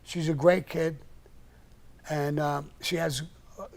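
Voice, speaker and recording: An older man with a gravelly, fairly high voice speaks slowly with little pitch movement. He hosts a live stream, answering questions and casually telling blunt, profane stories.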